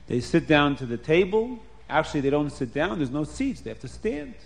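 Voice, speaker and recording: Earnest male storyteller, slightly high voice. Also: sing-song, brisk, creaky. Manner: plain, repetitive, earnest retelling. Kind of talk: spoken storytelling.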